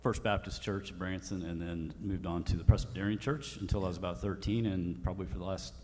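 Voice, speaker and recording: A man on a church panel, giving a short halting account of his church past. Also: low-pitched, fairly even intonation, a little mellow. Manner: hesitant, halting. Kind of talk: short personal testimony. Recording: distant church hall reverb with faint noise.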